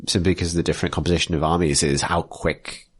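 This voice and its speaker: Deep-voiced man recapping a tabletop battle. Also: fairly even intonation, slightly rough. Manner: chatty, quick asides, acts out silly quoted lines. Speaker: podcast co-host.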